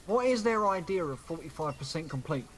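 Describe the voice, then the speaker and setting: A man's voice: a little high, animated, a little fast, a bit bright. A man casually chatting with friends while livestreaming a game, swearing freely and laughing at his own jokes. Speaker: streamer host. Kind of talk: casual gaming chat.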